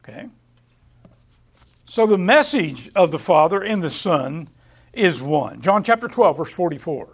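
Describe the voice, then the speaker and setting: Male preacher, high voice, halting delivery with repeated words, scripture-reading cadence. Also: very animated, husky. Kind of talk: Bible study sermon.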